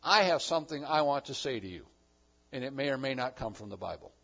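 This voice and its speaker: A man preaching a sermon, swinging between loud emphasis and quiet asides. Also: mid-range voice, animated, fast talker, gravelly, highs cut off. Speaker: pastor.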